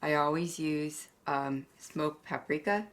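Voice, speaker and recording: A woman talks to her viewers in a low voice, rambling and emotional and a little short of breath. She records in an echoey home kitchen, with the camera set back from her. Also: takes it slowly. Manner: rambling, filler-heavy and emotional, addresses viewers as "you guys". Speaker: home cooking channel host. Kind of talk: chatty cooking vlog. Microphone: camera on a tripod. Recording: echoey room, mic at a distance.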